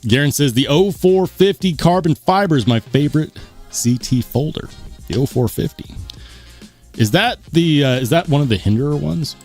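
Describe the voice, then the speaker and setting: A man hosting a live stream reads viewer comments aloud and reacts in an upbeat, rambling casual chat. His voice is a little high and darkish in tone, animated, at normal speed, with soft background music.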